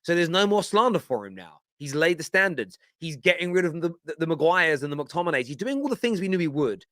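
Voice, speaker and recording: A man's voice: a little high, big pitch swings, quick pace, fairly bright tone, no echo, studio quality. A man giving a passionate, emphatic fan reaction on a live football stream. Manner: passionate, emphatic, repeats himself. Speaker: fan channel pundit.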